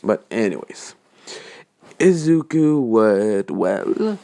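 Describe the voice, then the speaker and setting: A man's voice: lowish voice, sing-song, drawn-out words, gravelly, dark tone, no room sound. A man casually making up a fan story as he goes, rambling and hesitant, full of fillers and self-corrections.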